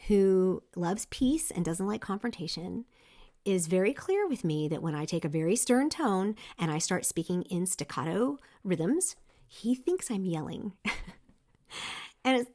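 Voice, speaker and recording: A middle-aged woman hosting a leadership podcast, giving an emphatic, lively motivational talk with frequent restarts. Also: mid-range voice. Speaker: podcast host. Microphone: seen on video, single speaker.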